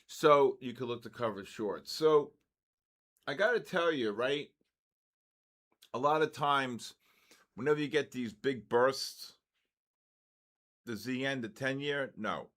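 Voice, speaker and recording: An older man hosting a live trading session, giving blunt, excitable market commentary and answering chat questions with quick asides. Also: medium pitch. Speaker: trading stream host.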